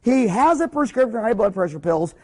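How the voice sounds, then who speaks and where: A man giving a lively dental seminar who tells stories, acts out their dialogue, and makes blunt jokes. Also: high voice, brisk. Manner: blunt, joking, animated storyteller. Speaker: dentist lecturer. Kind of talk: lively seminar lecture with acted-out anecdotes.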